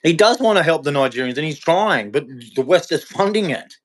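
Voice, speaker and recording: A man's voice: fairly high pitch, animated, a little fast, few pauses. A man hosting a live show, talking in a heated, rambling and repetitive way, often restarting his sentences. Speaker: host. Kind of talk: unscripted live commentary. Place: hot room in Queensland.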